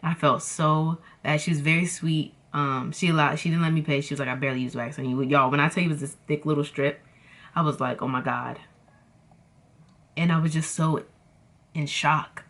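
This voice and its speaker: A young woman tells a storytime to her viewers in a casual chat. She is animated and dramatic, leans on slang and calls her audience y'all. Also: low-pitched, a little fast. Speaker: vlogger.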